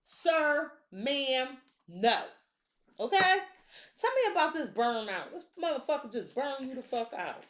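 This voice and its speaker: A woman's voice: high-pitched, unhurried. A woman giving a casual tarot reading, blunt, sassy and full of swearing, talking straight to the viewer and to her cards. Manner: blunt, profane, sassy and animated. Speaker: tarot reader.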